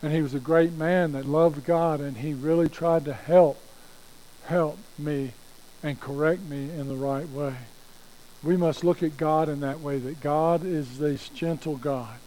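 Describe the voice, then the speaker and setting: A man's voice: a little high, steady tone, measured pace, warm tone, rough recording. A pastor preaching a conversational sermon, repeating phrases and restarting his sentences as he goes.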